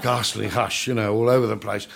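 A man's voice: lowish voice, little pitch movement, a little fast, vocal fry, crowd noise. An older man from England, a comedian telling showbiz anecdotes to an audience in a chatty, storytelling way, often chuckling and acting out other people's voices.

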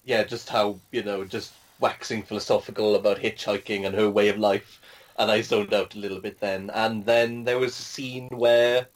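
A man's voice: on the low side, steady tone, normal speed. A man casually talking about a film in a hesitant, rambling way, with many fillers. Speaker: podcast co-host.

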